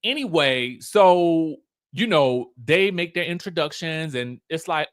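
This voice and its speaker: Chatty, animated male recap host. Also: on the high side. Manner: animated storytelling, acts out quotes in raised voices; chatty, drawn-out and emphatic. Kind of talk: casual commentary vlog.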